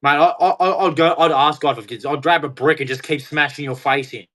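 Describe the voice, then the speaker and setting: A man's voice: on the high side, fast, a bit bright. A man delivering an angry, heated rant, swearing and speaking with hard emphasis. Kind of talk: angry ranting monologue.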